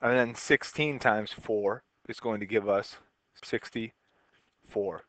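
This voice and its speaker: A man's voice: medium pitch, steady tone, slow, a bit bright, dry recording, highs cut off. A man teaching a recorded math lesson in a casual way, explaining step by step while he writes. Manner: casual, talks while writing, repeats and restarts.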